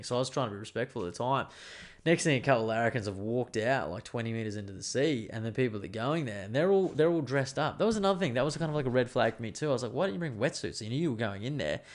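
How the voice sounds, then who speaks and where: A young man hosting a podcast, telling a story in an animated, swearing, casual way. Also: mid-range voice. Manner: animated, swears freely, lots of fillers. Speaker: podcast host.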